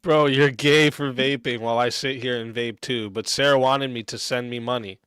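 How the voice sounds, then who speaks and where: A man's voice: mid-range voice, steady tone, normal speed, fairly bright tone, smooth, dry recording. A man streaming live, reacting to chat in a crude, combative, mocking way. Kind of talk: livestream commentary.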